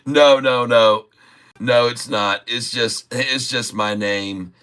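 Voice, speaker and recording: A man's voice: mid-range voice, fairly even intonation, takes it slowly, fairly bright tone, clear, resonant tone. A middle-aged man hosting a live stock-trading stream, chatting casually, laughing often and reading viewer comments aloud. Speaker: livestream stock trading host. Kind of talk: casual livestream chat with viewers.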